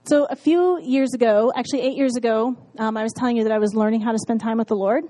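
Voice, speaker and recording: A woman's voice: on the high side, fairly even intonation, quick pace, mellow, low-quality recording. A married woman casually telling her faith story, candid, with frequent fillers and laughs. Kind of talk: casual testimony talk.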